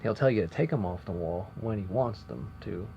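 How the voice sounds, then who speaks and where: This young vlogger's voice is on the low side, creaky and mellow, and he speaks briskly. He rambles casually through a story from a previous job, chatting away and interrupting himself, on a dull lo-fi recording with faint noise.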